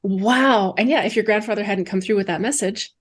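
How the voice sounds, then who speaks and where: A woman's voice: medium pitch, fairly quick. A woman hosting a casual interview, reacting effusively to her guest and asking rambling questions. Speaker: host.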